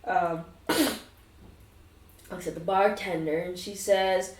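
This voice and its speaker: A woman narrating as game master of a tabletop game on a livestream, playful and quick to laugh. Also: mid-range voice, fairly even intonation, darkish tone. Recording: roomy sound from a distant mic.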